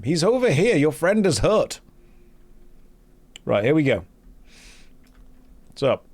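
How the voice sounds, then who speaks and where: A man's voice: fairly high pitch, sing-song, takes it slowly, pauses often, a little mellow. A British man chatting casually and joking while streaming a game. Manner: joking, rambling. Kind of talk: casual gameplay chat.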